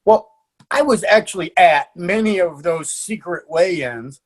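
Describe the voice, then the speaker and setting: A man talking as a podcast guest, a martial arts coach telling lively anecdotes in casual conversation. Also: high-pitched, unhurried. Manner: animated storyteller.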